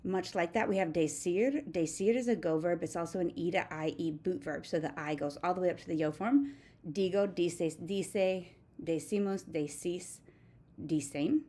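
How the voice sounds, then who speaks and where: A woman with a lowish, mellow voice works through a recorded grammar lesson. She is steady and methodical, reciting verb forms one at a time like a patient teacher. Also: moderate pace. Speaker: Spanish teacher.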